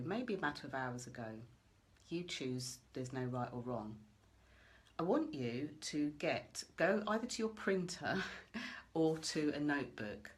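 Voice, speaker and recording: A woman coaching listeners through a goal-setting visualization in a gentle, coaxing way, asking many questions. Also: low-pitched. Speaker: motivational coach. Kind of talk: guided visualization talk.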